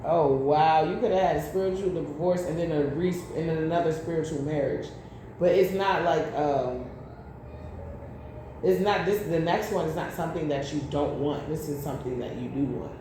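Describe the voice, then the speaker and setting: Set in a very echoey room with faint noise in the background, this clip features a woman whose warm voice sits low, moving at a moderate pace. She gives a relaxed tarot reading, speaking bluntly and profanely while drifting into personal, chatty stories.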